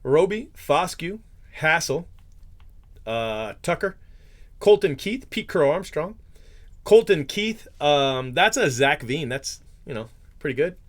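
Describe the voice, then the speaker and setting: Dude running a card break stream, slightly high voice, chatty, keeps fumbling words and laughing it off. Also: male voice, big pitch swings. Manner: rambling, joking, trips over words; reads off player names in quick lists. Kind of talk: casual live-stream chat.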